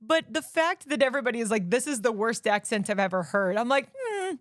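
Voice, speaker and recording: A woman co-hosting a podcast, chatting about a film in a lively, emphatic way and laughing often. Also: on the high side, no echo, studio quality. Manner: animated, emphatic, quick to laugh. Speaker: podcast co-host. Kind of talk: casual movie chat.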